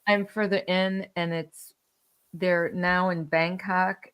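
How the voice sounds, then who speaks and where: Brief: woman co-host, lower pitch, laughing, opinionated banter. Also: little pitch movement, takes it slowly, fairly bright tone, smooth. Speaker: podcast co-host. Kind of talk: casual chat.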